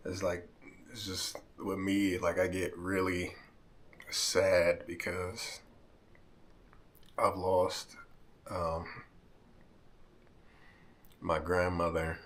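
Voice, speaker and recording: A man's voice: sits low, little pitch movement, very slow, pauses often, fairly bright tone. A man vlogging straight to camera, talking heartfelt and emotional to his friends, near tears and often tagging lines with "man". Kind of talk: emotional direct-to-camera vlog.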